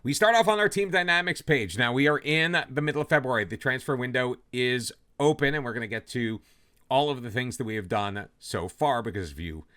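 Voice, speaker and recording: A man's voice: medium pitch, brisk. A man hosting a football manager let's play, talking casually and poking fun at himself. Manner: chatty, self-deprecating, lively ups and downs. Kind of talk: casual gameplay commentary.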